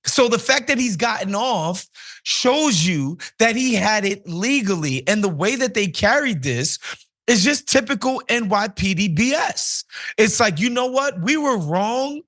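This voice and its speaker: A man's voice: sits high, animated, measured pace, fairly bright tone. A man co-hosting a casual news commentary, blunt and exasperated, talking in slang. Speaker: co-host.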